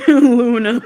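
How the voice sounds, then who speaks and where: A woman's voice: high-pitched, warm tone. A woman live-streaming, talking casually to her chat, laughing often and swearing freely. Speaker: livestreamer.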